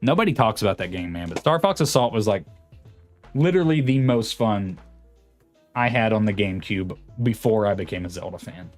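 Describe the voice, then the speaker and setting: A streamer host in his late twenties, with a lowish, animated, darkish voice, talks briskly on a livestream over soft background music. He chats casually, rambling and reading viewer comments aloud.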